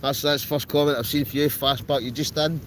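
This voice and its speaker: A man's voice: mid-range voice, fairly even intonation, fairly quick, a little hiss or hum. A man with an Ayrshire Scottish accent, chatting casually on a livestream and answering viewers by name from a tent. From Scotland. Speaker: livestream host. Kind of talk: casual chat reading live comments. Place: tent outdoors in a storm at night.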